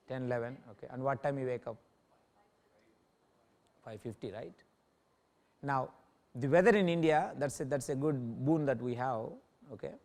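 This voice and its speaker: A man's voice: medium pitch, a little mellow. A male yoga teacher giving an informal talk to a class, often checking in with listeners by asking "Okay?". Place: yoga center in New Delhi.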